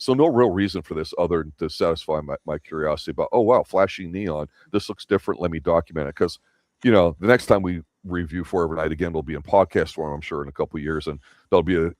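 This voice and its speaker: This TV review show host has a very low, slightly mellow voice and chats casually, rambling and opinionated, often starting sentences over. The recording is dry and close, with no room sound.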